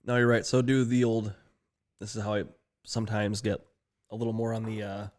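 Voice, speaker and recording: A man's voice: on the low side, level tone, a little fast, a little mellow. A man co-hosting a casual tasting chat, joking and laughing often, with a stuffed-up nose. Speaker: podcast co-host.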